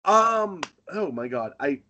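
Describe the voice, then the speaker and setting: A pro wrestler from Northern Maine, guesting on a casual interview, tells animated stories and chuckles often. His voice is high-pitched and slow, and a slight hiss or hum sits in the recording.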